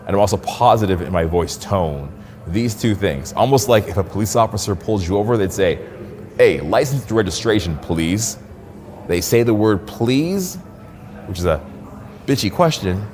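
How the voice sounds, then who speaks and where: A man's voice: lowish voice, darkish tone. A man coaching in person, talking casually and with swearing, often acting out sample lines of dialogue. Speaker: social skills coach. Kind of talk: live in-person coaching demonstration.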